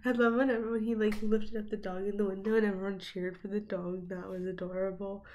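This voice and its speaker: A woman's voice: mid-range voice, level tone, fast talker, darkish tone. A young woman chatting casually as she reacts to video clips, laughing often and talking back to what she watches.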